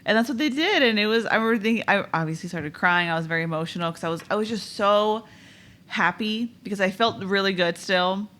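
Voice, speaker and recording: A young woman co-hosting a podcast, talking softly and reflectively in casual chat. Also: medium pitch, brisk. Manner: soft, reflective, laughs often. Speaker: podcast co-host, new mother. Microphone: podcast microphone.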